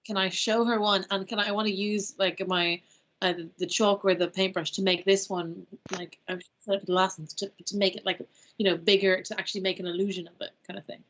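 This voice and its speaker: A woman playing a tabletop game, chatty and eager, with halting fillers. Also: medium pitch, flat delivery, a bit bright. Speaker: player. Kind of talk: casual tabletop game chat.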